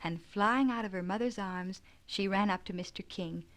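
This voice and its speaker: A woman narrating an audiobook of a children's classic. Her delivery is measured and storytelling, at a middle pitch for a woman. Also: a bit bright. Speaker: audiobook reader. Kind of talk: scripted narration.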